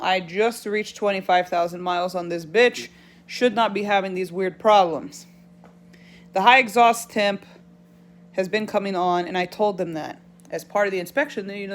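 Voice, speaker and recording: A woman's voice: mid-range voice, fairly bright tone. A woman truck driver telling a story in a casual vlog, blunt and profane, ranting animatedly about her job.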